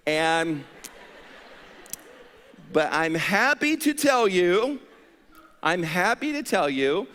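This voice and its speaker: Guy pastor preaching, kinda high voice, gets animated and exasperated telling stories, big echoey church hall. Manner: animated storytelling, rising to high-pitched exasperation when acting out the story. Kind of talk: sermon. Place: church sanctuary. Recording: church hall with long reverb.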